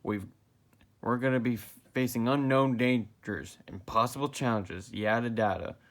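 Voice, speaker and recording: A man's voice: mid-range voice, measured pace, lightly acted. A man doing a plucky drawling cartoon squirrel girl. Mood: determined. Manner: folksy drawling talk.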